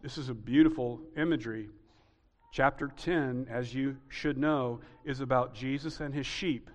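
A man preaching a sermon as pastor, teaching patiently and building to loud, emphatic peaks. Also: mid-range voice, normal speed, in a large hall. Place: church sanctuary.

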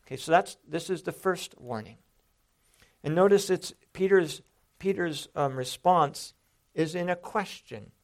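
A man delivers a sermon as a Bible teacher, walking through scripture step by step. His voice sits a little high and carries a gravelly edge. He leans hard on quoted lines for emphasis. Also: measured pace.

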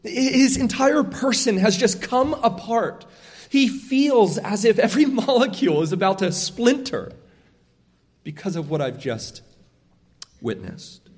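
A man with a slightly raised speaking pitch preaches in an earnest, emphatic manner, often doubling back on his words to press a point. His voice carries the long reverb of a big hall. The delivery is that of a pastor working through a sermon. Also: very animated, unhurried, husky.

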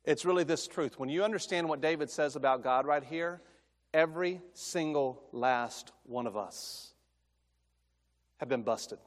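High-voiced preacher in a reverberant hall. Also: male voice, a little slow. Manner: folksy storytelling, rising to emphatic preaching. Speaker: guest preacher. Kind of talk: sermon with family stories.

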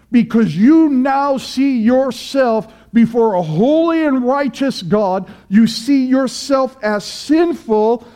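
A man's voice: high voice, a little mellow. A male pastor preaching an emphatic sermon, repeating his points and asking rhetorical questions.

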